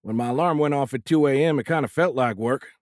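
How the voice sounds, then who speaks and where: A man voicing a nervous young fighter pilot, speaking higher and louder with a put-on Appalachian hillbilly drawl. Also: fast talker, no room sound, studio quality, close to an everyday voice. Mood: worried.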